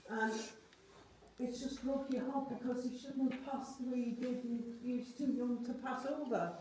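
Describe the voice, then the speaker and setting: This medium's voice is a little high and mellow, with fairly even intonation and a normal speed. She relays messages to a sitter during a live psychic reading, chatting casually and using lots of tag questions. The mic is far off in an echoey room, with faint noise.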